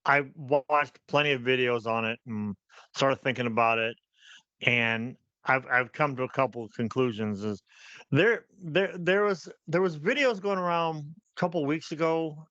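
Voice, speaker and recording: A man co-hosting a casual talk show, animated, laughing often and repeating words as he thinks. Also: mid-range voice, normal speed, no echo, muffled recording. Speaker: podcast co-host. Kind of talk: casual chat.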